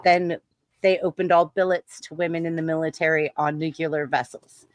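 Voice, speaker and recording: A woman's voice: sits low, steady tone, moderate pace. Chatty, enthusiastic woman panelist. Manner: enthusiastic, chatty, repeats words. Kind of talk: casual panel chat.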